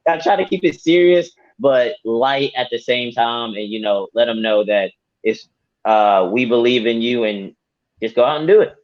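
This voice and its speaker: Animated fighter man, lo-fi audio. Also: medium pitch, normal speed. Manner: animated, hypes himself up, laughs often. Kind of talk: casual interview. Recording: dull lo-fi audio.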